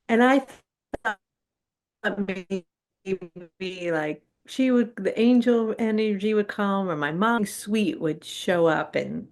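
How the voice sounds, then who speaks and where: A woman's voice: mid-range voice, slow pace. A middle-aged woman, a guest on a spiritual talk show, telling her personal story candidly and animatedly, acting out her own past reactions.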